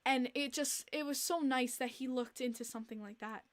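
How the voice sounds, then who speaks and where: A young woman hosting a podcast livestream, chatting casually in an animated, exasperated way and repeating herself, with many fillers. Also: high-pitched, moderate pace. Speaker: podcast host.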